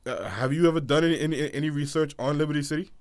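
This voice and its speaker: A man's voice: a little high, racing, darkish tone, dry recording. Laid-back slangy podcast co-host man. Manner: laid-back slang, stammers when put on the spot. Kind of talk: casual chat.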